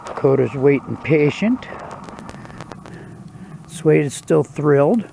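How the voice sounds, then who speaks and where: A man's voice: a little high, lively intonation, takes it slowly, vocal fry, mellow, a little hiss or hum. A man narrating his own outdoor cooking vlog beside a campfire in the woods, in a folksy, joking, laid-back way.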